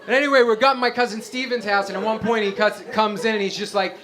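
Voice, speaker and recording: A man from Staten Island doing a stand-up comedy set in a club, wry with deadpan asides. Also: high voice, fast, hardly any pauses, crowd noise. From Staten Island, New York.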